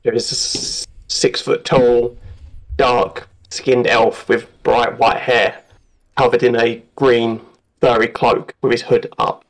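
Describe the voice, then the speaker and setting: A man's voice: medium pitch, little pitch movement, slow pace, low-quality recording. A young man who plays in a tabletop game and speaks plainly and bluntly. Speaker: player.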